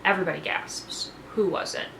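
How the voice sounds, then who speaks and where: Woman, show reviewer, animated sarcastic recap, roomy echo. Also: fairly low pitch, brisk, creaky, slight background noise. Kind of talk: casual episode recap.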